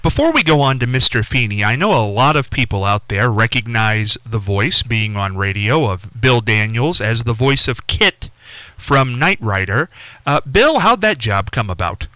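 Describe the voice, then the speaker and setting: A male radio host puts direct questions to his guest. His voice has a bright, forward edge, recorded dry and close. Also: medium pitch, animated, moderate pace, no echo, rough recording. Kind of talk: interview questions.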